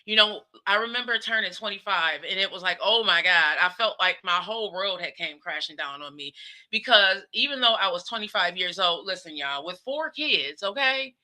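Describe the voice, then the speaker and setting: Woman, 50s, from the US; host of her own stream, talkative, speaks straight to the audience, mid-pitched and strikingly bright. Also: expressive, moderate pace. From United States. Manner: chatty, often calls the audience "y'all". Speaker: show host. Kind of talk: casual livestream talk.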